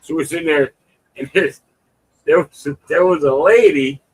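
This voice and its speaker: A man co-hosting a livestream, telling animated stories and loudly acting out what people said. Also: fairly high pitch, normal speed, breathy edge, rough recording. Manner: animated storyteller, acts out quotes loudly. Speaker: livestream co-host. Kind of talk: casual chat.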